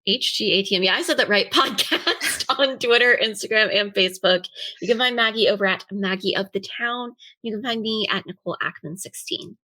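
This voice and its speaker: A woman co-hosting a podcast in casual chat. She sounds enthusiastic and joking, and she is quick to laugh. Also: medium pitch, bright, forceful tone. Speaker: podcast co-host.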